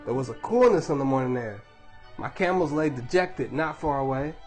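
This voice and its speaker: A man reading a book aloud to his baby, telling the story in a measured, dramatic way. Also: mid-range voice, expressive, faint music behind.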